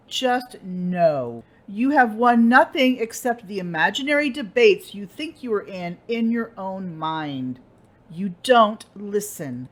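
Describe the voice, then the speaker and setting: A woman's voice: medium pitch, lively intonation, takes it slowly. A woman hosting a commentary channel, talking in a sarcastic, exasperated reaction style.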